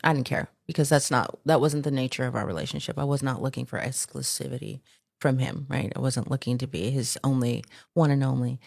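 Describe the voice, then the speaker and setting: Middle-aged woman guest, deep fry-edged voice, matter-of-fact storyteller. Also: steady tone, fairly quick, a little mellow, no echo, clean studio sound. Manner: conversational, filler-heavy, matter-of-fact. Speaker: interview guest. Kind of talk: casual interview storytelling.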